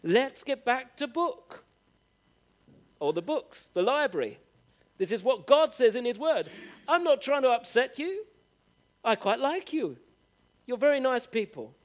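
A male preacher with a strikingly high voice delivers a sermon. He speaks earnestly and straight to his listeners. He leans on key phrases, drawing them out and lifting his pitch for emphasis. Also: big pitch swings. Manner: earnest, direct address to the congregation; rises with emphatic, drawn-out phrases.

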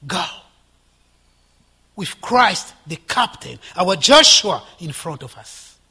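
A man preaching a sermon with passion, swinging from loud exhortation to hushed whispers. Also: sits high, big pitch swings, takes it slowly, slightly rough.

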